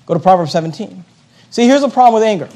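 A man preaching a sermon as a pastor, emphatic and repetitive, with rhetorical questions and slow, deliberate scripture reading. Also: high voice, lively intonation, warm tone. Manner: reads scripture slowly and deliberately.

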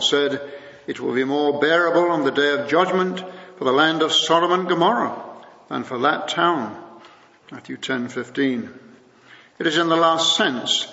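A man delivering a sermon in a measured way, slowing down when he reads scripture aloud. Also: fairly high pitch, pushed and bright. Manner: measured, slows to read scripture. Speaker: preacher. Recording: muffled recording in a big echoing hall.

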